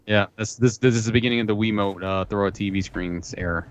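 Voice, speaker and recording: A man in a podcast chat, talking fast and wry. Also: fairly low pitch, fairly even intonation. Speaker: podcast panelist. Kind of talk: casual chat.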